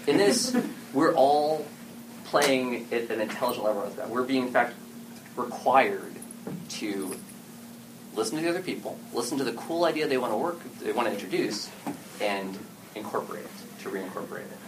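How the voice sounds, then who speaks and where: A man gives a relaxed, animated talk to an audience in an event room. His voice swings widely in pitch as he acts out little exchanges between players and game masters. He sounds set back from the microphone, with steady background noise under him. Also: normal speed. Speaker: panel speaker on story games. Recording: distant mic with clear background noise.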